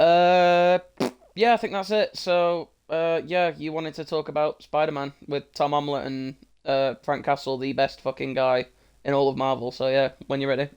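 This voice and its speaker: A man's voice: fairly high pitch, little pitch movement, moderate pace, a little mellow, smooth, muffled recording. A young man co-hosting a podcast, teasing his friend with sarcastic banter and swearing. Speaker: podcast co-host.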